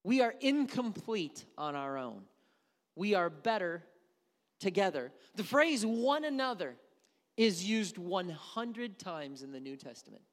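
A man's voice: high-pitched, big pitch swings, measured pace. A man from Wisconsin preaching a sermon as a pastor, emphatic and repeating key words for effect. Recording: long hall reverb.

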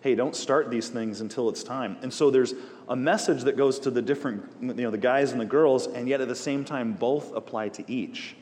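A man leads a Bible study, praying and then teaching with casual, animated asides. His voice sits at a middle pitch. It rings out with a long reverb, as in a big hall. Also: normal speed, few pauses. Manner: conversational, animated, jokey asides.

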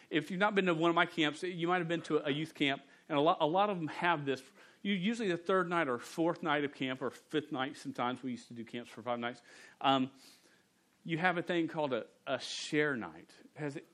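A man, a pastor preaching a sermon in a church and telling stories in a relaxed, humorous way. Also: a little high. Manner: conversational, humorous storytelling. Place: church sanctuary.

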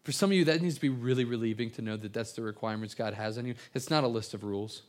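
A man's voice: medium pitch, rapid-fire. A man preaching an evening sermon, telling stories earnestly with frequent stammered restarts and repeated words. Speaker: pastor.

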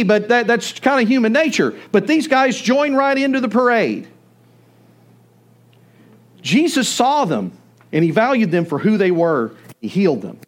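A man preaching a sermon, telling the story with animated storytelling. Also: very high voice. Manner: animated storytelling, acts out voices. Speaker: pastor.

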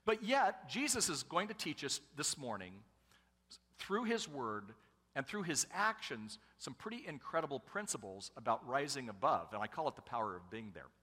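A middle-aged man preaching, his bright, forward voice ringing out in a large church hall with a long reverb tail. He tells stories casually and pokes fun at himself. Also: medium pitch, sing-song, normal speed. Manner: self-deprecating, conversational storyteller. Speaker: pastor. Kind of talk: sermon with personal storytelling.

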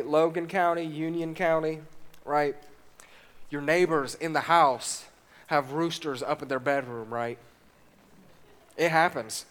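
A man's voice: fairly high pitch, a bit bright. A man preaching a sermon, reading scripture aloud and putting questions to the congregation.

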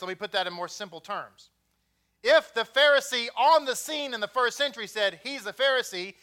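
A man's voice: very high voice, pushed and bright. A man with a Texan accent preaching a sermon in a conversational way, with joking asides. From Texas.

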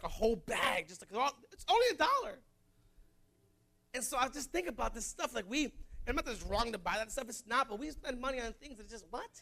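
A man preaching a sermon, mixing joking asides with loud exhortation. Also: extremely high pitch.

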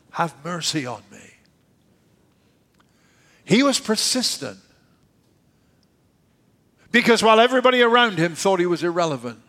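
A man preaching a sermon in a conversational way, dropping his voice low and soft to stress key points. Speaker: pastor.

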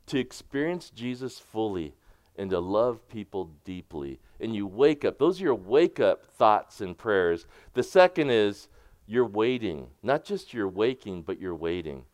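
A man preaching a sermon as pastor, moving between emphatic points and hushed, softly spoken prayers. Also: medium pitch, smooth, dry recording. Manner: swings from bright emphatic preaching to hushed near-whispered prayers.

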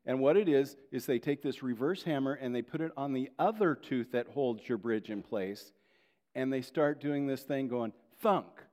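Male pastor preaching a sermon mixed with personal stories, mid-range voice, animated, swinging from loud to hushed, long hall reverb. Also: mid-range voice. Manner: animated, shifts between loud emphasis and quiet asides.

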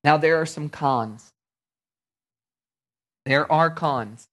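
Storytelling preacher, fairly high voice. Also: male voice, drawn-out words, fairly bright tone. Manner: storytelling, conversational preaching with acted-out dialogue. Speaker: pastor. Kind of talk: sermon.

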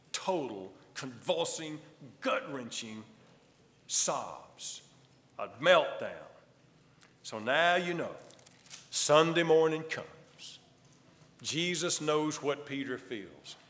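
A pastor delivers a sermon in a forceful, bright voice that sits somewhat high for a man. He preaches emphatically, rising to loud declarations and dropping to near-hushed lines. The sound rings with long reverb, as if he stands in a large church sanctuary.

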